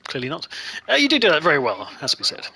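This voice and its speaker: A man's voice: fairly high pitch, wildly swooping pitch, quick pace, vocal fry, pushed and bright, breathy edge. A man from North Kent, co-commentating a race with dry, teasing banter. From North Kent, England. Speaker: league host and co-commentator. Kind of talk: casual live race commentary.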